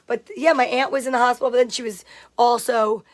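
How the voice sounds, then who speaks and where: A woman's voice: a little high, steady tone, fairly quick. A woman chatting casually on a livestream, greeting viewers by name and reading out their comments. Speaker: livestream host.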